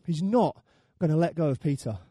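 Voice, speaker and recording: A man's voice: a little high, lively intonation, a little fast, dark tone, breathy edge, no echo, studio quality. A man preaching a sermon, telling the story with animation and acting out the voices.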